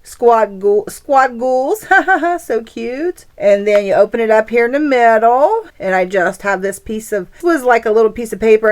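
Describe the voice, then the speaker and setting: A woman hosting her craft channel, chatting casually and gushing over the crafts and gifts she shows. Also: a little high. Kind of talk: casual craft show-and-tell.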